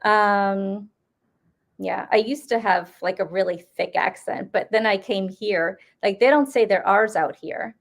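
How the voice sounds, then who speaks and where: A woman with an upstate New York accent blended with Boston speech co-hosts a casual chat. Her voice has a gravelly edge, and she talks loosely, with many fillers and restarts. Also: medium pitch, a little slow. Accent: upstate New York with a Boston mix. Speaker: paranormal event organizer and co-host.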